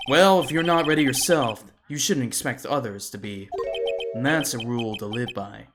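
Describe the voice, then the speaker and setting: A man's voice: mid-range voice, normal speed, lightly acted. Brief: man doing a smug cocky prosecutor in a courtroom game, taunting, game music under. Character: cool, cocky masked male prosecutor.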